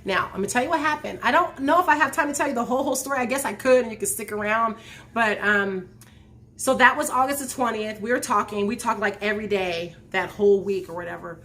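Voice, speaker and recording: A woman in her forties hosting a live talk show, telling a personal story to her viewers in an animated way and laughing as she goes. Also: on the high side, fast talker. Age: 40s. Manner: speaks straight to her viewers. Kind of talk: casual storytelling to a live chat.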